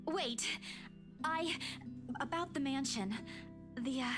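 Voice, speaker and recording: A nervous, kind young heroine put on by a man, speaking in a high, hesitant voice that stammers now and then. Clear music plays behind her. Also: takes it slowly, fairly bright tone, exaggerated voice. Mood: flustered. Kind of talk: visual novel voice reading.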